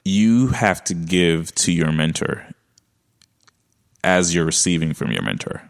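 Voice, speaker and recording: A man with a Brooklyn accent, a podcast guest speaking in a relaxed, chatty way who often ends his points with "right?". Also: low-pitched, a little slow, gravelly. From Brooklyn, New York. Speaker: guest, company co-founder. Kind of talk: casual podcast conversation.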